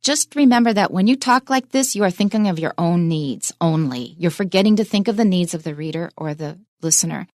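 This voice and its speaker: A woman teaching English pronunciation on a radio lesson, explaining clearly and switching between English and Mandarin. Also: fairly low pitch, expressive, brisk, few pauses, darkish tone, no echo, studio quality.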